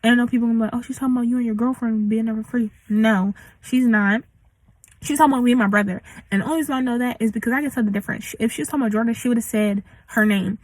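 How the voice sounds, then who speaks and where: A woman's voice: on the high side, fairly even intonation, rapid-fire, darkish tone, dry recording, poor audio. A young woman in her late teens venting in a casual storytime rant, slangy and full of likes. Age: young adult. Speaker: vlogger.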